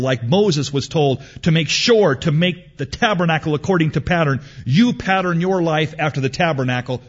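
A man's voice: on the high side, slightly rough. A middle-aged man preaching a sermon to young men. He tells stories in an emphatic, repetitive way. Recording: dull lo-fi recording.

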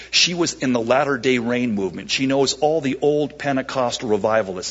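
Male pastor, husky, storytelling sermon, animated and acting out voices, dull lo-fi recording. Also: mid-range voice. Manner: animated, acts out quoted voices.

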